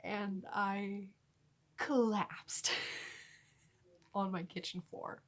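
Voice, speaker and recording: A young woman vlogger telling a storytime story in an animated way, often laughing as she talks. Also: medium pitch, very slow. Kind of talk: storytime vlog.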